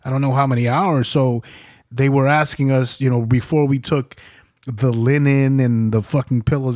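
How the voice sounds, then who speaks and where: Brief: veteran man spinning rowdy stories, crude and animated, mid-pitched, dry studio mic. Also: normal speed, no room sound. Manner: profane, animated, laughing between lines. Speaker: military veteran telling stories. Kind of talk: casual podcast storytelling.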